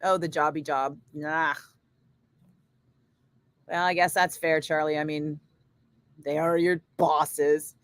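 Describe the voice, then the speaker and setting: A woman's voice: low voice, level tone, no room sound. A middle-aged woman, a radio DJ, chatting casually with viewers on a livestream, blunt and swearing freely. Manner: blunt, swears freely, quick asides to chat. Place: home studio. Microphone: studio microphone.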